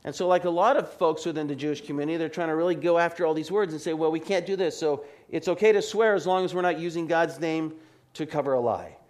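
A man preaching an earnest expository sermon, reading scripture slowly and carefully. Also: on the high side, a little mellow. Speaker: pastor.

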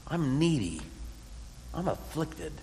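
A man preaching a sermon, earnest and expressive, often speaking in the voice of the psalmist. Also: on the high side, slow, big-room sound, rough recording.

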